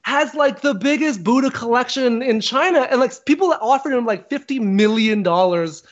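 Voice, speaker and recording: A man with a high voice tells a long story in casual podcast talk. He swears freely and jumps up in pitch to act out the people he quotes. The recording sounds dull and lo-fi. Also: normal speed. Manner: animated, profane, acts out quotes with big pitch jumps.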